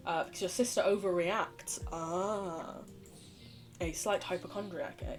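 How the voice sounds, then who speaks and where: A woman's voice: on the low side, fairly even intonation, unhurried, faint music behind. A young British woman chatting casually on a gaming livestream, wandering off on tangents and laughing often. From United Kingdom. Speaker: streamer.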